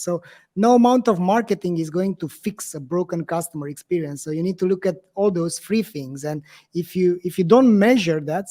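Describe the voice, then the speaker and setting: A man's voice: sits high, mellow. A man from Romania, hosting an interview and talking conversationally, hesitating often with fillers. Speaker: host.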